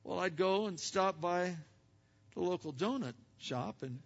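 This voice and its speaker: A male preacher delivering an emphatic sermon, swinging from loud exhortation to hushed asides. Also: high voice, expressive, a little slow, creaky. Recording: dull sound with long hall reverb.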